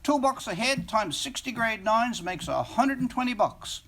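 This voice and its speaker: A man's voice: extremely high pitch, lively intonation, normal speed, fairly bright tone, voice pushed up, full character voice. A man voicing a bookish teenage boy who explains things plainly, in a story reading. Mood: matter-of-fact. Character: bookish teenage boy, matter-of-fact know-it-all.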